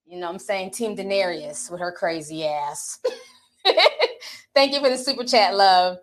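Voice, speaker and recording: A middle-aged woman from the Midwest hosting a casual livestream, reading super chats in a playful, slangy, animated way and laughing often. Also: fairly low pitch, normal speed. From Minnesota.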